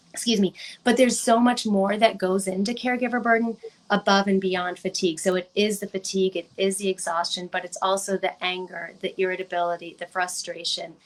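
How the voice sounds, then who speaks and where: A woman researcher answering interview questions in a measured, explanatory way, clearing her throat as her voice gives out. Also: mid-range voice, flat delivery. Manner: measured, explanatory, repeats words when restarting. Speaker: researcher guest.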